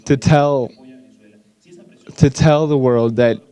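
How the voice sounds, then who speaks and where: Smooth-voiced male interpreter. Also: mid-range voice, steady tone, slow pace, mellow. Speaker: voice-over interpreter. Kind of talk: live interpretation voice-over.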